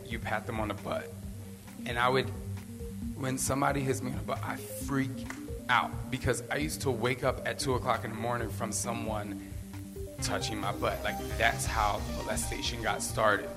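A man's voice: medium pitch, moderate pace, long reverb tail, over music. A man hosting a podcast, talking candidly and earnestly in a rambling way, repeating phrases for emphasis. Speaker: podcast host. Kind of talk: candid motivational talk.

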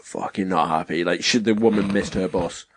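A man's voice: low-pitched, moderate pace, breathy edge. A young man on a podcast, telling a story in casual chat, swearing freely and acting out the voices of the people he quotes. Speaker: podcast co-host.

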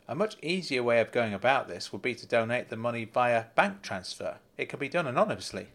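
A man's voice: medium pitch, very animated, brisk, a bit bright. A man voicing a polite, deferential male bank manager in a storybook reading. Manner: courteous, deferential, apologetic.

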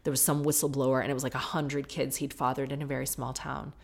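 A woman hosting a podcast, chatting frankly and quickly breaking into laughter. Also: extremely low pitch, level tone, vocal fry. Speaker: podcast host. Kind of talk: casual chat.

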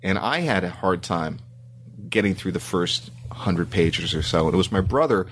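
Deep-voiced man chatting with many ums. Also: lively intonation, normal speed, slight background noise. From Canada. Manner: rambling with many ums and restarts. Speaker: guest screenwriter. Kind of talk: casual interview chat.

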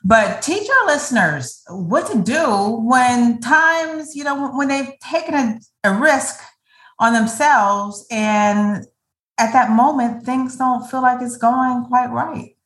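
A woman's voice: fairly high pitch, lively intonation, slow pace. A woman hosting a podcast, asking long, layered questions in an encouraging way. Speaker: podcast host. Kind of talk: interview questions. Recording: echoey room.

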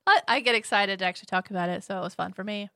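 A woman co-hosting a book podcast in easy casual chat, quick to laugh along. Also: mid-range voice, sharp tone, no echo, clean studio sound. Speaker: podcast co-host. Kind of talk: casual chat and read-aloud.

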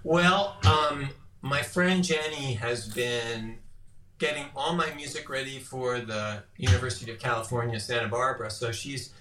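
An older man with a bright, forceful voice speaks in a halting, self-interrupting way. He is heard from a distance in an echoey room over a video call, with a faint hiss behind him. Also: medium pitch. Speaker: flute composer guest. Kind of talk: casual video-call conversation.

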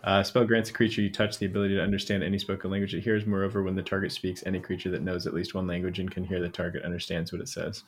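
A man playing a tabletop game. His voice is very low and husky, and he talks in halting starts. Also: flat delivery. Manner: hesitant, halting. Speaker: player.

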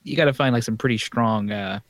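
A man's voice: mid-range voice, a little fast, no echo. A man co-hosting a casual podcast, tossing in joking asides. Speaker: podcast co-host. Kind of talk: casual chat.

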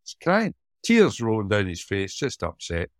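A middle-aged Scottish man, a former police officer co-hosting a podcast, chatting and telling stories in a lively, joking way. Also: lowish voice, a little slow, no room sound. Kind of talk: casual chat and storytelling.

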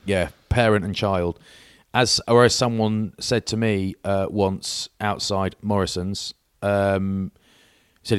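A man's voice: lowish voice, flat delivery, unhurried, smooth, no room sound, clean studio sound. A man in his forties co-hosting a podcast, telling rambling, self-mocking anecdotes in casual chat. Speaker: podcast co-host.

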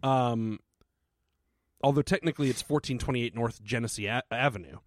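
A man co-hosting a podcast, telling a story in casual, profane chat with sudden loud outbursts. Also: medium pitch, normal speed, no room sound, clean studio sound. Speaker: podcast co-host. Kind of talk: casual comedic recap chat.

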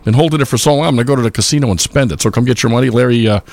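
A man's voice: medium pitch, very fast, gravelly, a little mellow, no room sound. A man hosting a live polka radio show, chatting casually and rambling with lots of filler sounds.

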